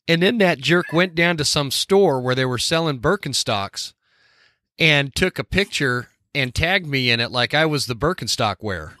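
A man's voice: fairly high pitch, fairly bright tone, no echo, clean studio sound. A man hosting a podcast, chatting casually and joking around. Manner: joking, laughs easily. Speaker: podcast host. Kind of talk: casual chat.

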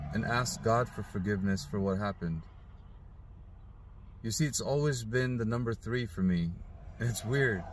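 A middle-aged father speaking earnestly in a heartfelt personal video message, halting and emotional at times. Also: fairly low pitch, a little hiss or hum. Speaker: father posting an apology video.

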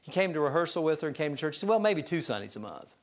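A male pastor from a Southern mountain region delivers a sermon in a folksy, self-deprecating way, telling stories. His voice sits somewhat high for a man. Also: sing-song, very fast. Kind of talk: sermon storytelling.

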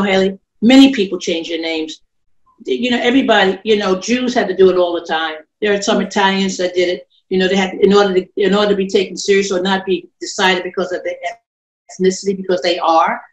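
A Brooklyn-raised woman with a mid-range voice, hosting a casual panel talk. She speaks in an emphatic, encouraging way, and her voice rings in an echoey room. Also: mid-range voice. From Brooklyn, New York.

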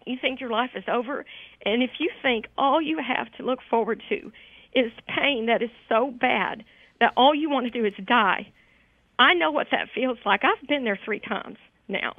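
A woman's voice: a little high, moderate pace, no room sound. A woman calling in to a radio show, giving a heartfelt, grateful testimonial in an emotional voice. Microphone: telephone. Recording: tinny phone line.

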